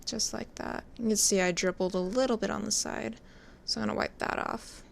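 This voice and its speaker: A woman with a strongly gravelly, fry-heavy voice talks through her craft project in a relaxed, chatty way. She narrates each step as she works, casual and unscripted, at a middling pitch. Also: brisk, a little hiss or hum. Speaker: resin artist.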